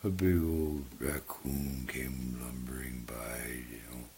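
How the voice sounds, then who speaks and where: An older man telling folksy stories in a slow, halting, soft-spoken way with many fillers. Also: very deep voice, level tone, slight background noise. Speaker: storyteller. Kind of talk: casual folksy storytelling.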